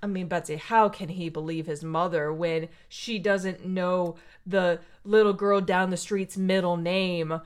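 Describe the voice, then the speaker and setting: A woman in casual chat, mocking a children's book with gleeful, animated commentary. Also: fairly low pitch, a little slow, few pauses, clear, resonant tone.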